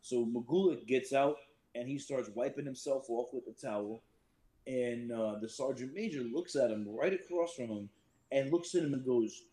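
A man, a Marine reservist, telling profane, animated stories as a podcast guest. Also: medium pitch, normal speed, echoey room, poor audio. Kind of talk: casual storytelling chat.

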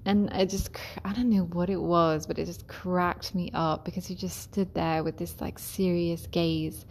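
A woman who works as a care worker tells a story in a chatty way. She laughs often and slips into soft, whispery asides. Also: on the low side, fairly even intonation, normal speed, a little hiss or hum. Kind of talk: casual storytelling.

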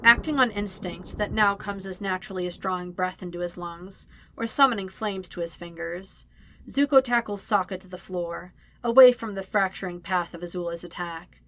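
A woman reading a story aloud as narrator, with steady, even storytelling. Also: lowish voice, moderate pace. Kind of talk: audiobook-style fan fiction reading.

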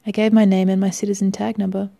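Gravelly woman reading a wry story. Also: medium pitch, level tone. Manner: wry, measured, dropping to a hush at times. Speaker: reader. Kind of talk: first-person story reading.

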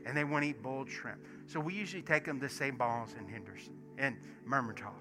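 A man, a pastor preaching in church and acting out stories, swinging from hushed asides to loud bursts. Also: on the high side. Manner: animated storyteller, acts out dialogue, swings from hushed to shouting. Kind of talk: sermon with storytelling. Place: church sanctuary. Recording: music playing behind sermon. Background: soft worship music.

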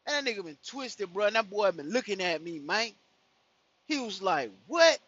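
A man's voice: high voice, expressive, moderate pace, fairly bright tone, no room sound. A man telling a personal story in casual, profane street slang, acting out the people he quotes. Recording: dull lo-fi recording.

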